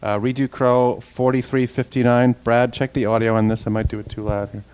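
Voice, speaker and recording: A man's voice: mid-range voice, level tone, a little fast, a little mellow, slight background noise, low-quality recording. A man in a recording studio calling out cue numbers in a businesslike way before redoing his lines. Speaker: voice actor. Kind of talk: dialogue redo session.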